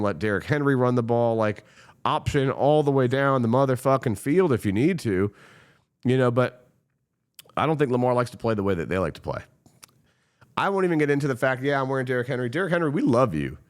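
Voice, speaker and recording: A man hosting a podcast, venting about his team in a profane, impassioned casual rant. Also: fairly low pitch. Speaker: podcast host.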